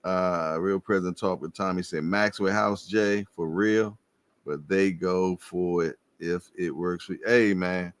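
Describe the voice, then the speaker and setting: A man hosting a casual boxing livestream, slangy and animated, laughing and repeating himself as he reads viewer comments. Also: deep voice, unhurried, dry recording. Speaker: livestream host.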